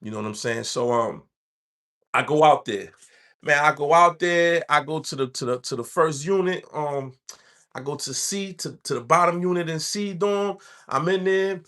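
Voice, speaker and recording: A man's voice: on the high side, normal speed, fairly bright tone. A man from the Bronx with a New York accent, telling a rambling street story in casual talk. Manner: streetwise, rambling, acts out quoted voices.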